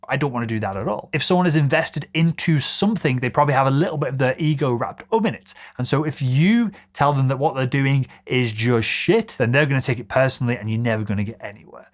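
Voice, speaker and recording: A man teaching sales to camera, energetic and conversational, acting out cold-call lines. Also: mid-range voice, quick pace, few pauses. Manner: energetic, acts out cold-call lines with a bright upward lilt. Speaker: sales trainer. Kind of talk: scripted sales lesson to camera.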